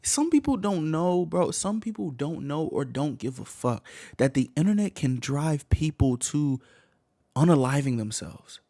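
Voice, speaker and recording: A man's voice: fairly high pitch, sing-song, measured pace, mellow. Man ranting in disbelief, voice swinging. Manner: heated, incredulous, profane, rhetorical questions. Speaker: reaction video host. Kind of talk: ranting reaction commentary.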